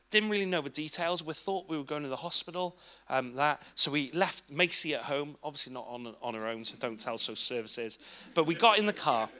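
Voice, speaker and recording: A man's voice: on the high side, sharp tone. A man in his thirties with an English accent, giving a candid, informal personal testimony at a church children's ministry event, with asides to the audience.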